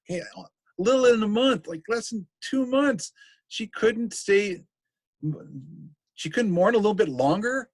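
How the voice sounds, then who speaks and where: A teacher putting on a grieving young prince who pitches his voice well up as he fires off repeated questions. He sounds anguished and exasperated, and the sound is dry and close. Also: expressive, a little slow, dry recording.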